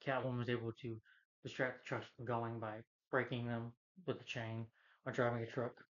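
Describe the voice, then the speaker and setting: A man's voice: medium pitch, little pitch movement, normal speed, fairly bright tone. Rambling man recapping a film, lo-fi. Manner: rambling, filler-heavy retelling with many restarts. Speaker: film reviewer. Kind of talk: casual movie recap rant.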